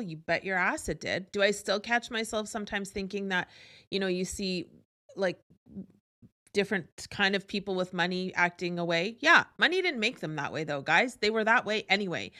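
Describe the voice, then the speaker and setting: A woman telling a personal story in a candid, energetic way, swearing freely. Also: mid-range voice. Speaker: host. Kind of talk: casual storytelling to an audience.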